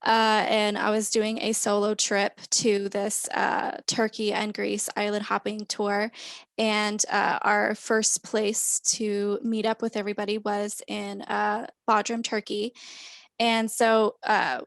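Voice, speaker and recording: A woman's voice: medium pitch, creaky, no room sound. A woman guesting on a podcast, telling stories in an easygoing, chatty way. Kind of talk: casual conversational storytelling.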